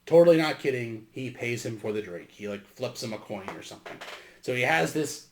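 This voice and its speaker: A man's voice: medium pitch, expressive, fairly quick, a little mellow. A man hosting a casual movie review, recapping the plot in a sarcastic, rambling, profane way. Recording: roomy echo.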